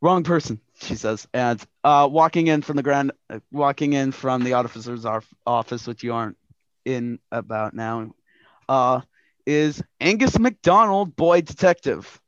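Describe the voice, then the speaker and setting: A man's voice: mid-range voice, unhurried, clear, resonant tone, no echo, dull audio. A man running a casual tabletop game, narrating with many restarts and mild swearing. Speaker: game master.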